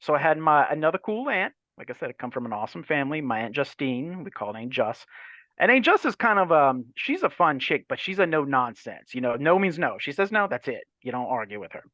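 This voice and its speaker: A man's voice: fairly high pitch, brisk, dry recording, muffled recording. A man in his forties from Louisiana, a guest author telling stories in a casual podcast chat, acting out the voices in his anecdotes and swearing freely. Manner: animated anecdotal storytelling with voiced quotes and swearing.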